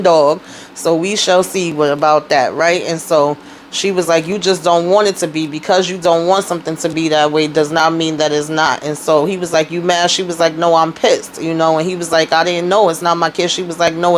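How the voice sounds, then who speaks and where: A woman's voice: on the low side, a little hiss or hum. Chatty woman recapping a TV episode. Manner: chatty, retelling scenes with quoted lines and laughter. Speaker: TV recap host. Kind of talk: casual recap vlog.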